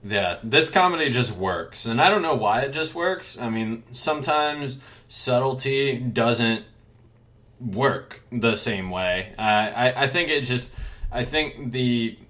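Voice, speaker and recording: Bright-voiced man rambling casually. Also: mid-range voice, animated, slow pace. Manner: rambling, hesitant restarts, casual swearing. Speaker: podcast co-host. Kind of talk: casual chat about a manga.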